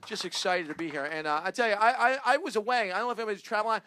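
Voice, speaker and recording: A man hosting a comedy show, reading news jokes to his panel in a rambling, halting way and laughing at his own punchlines. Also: sits high, very noisy. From New Jersey.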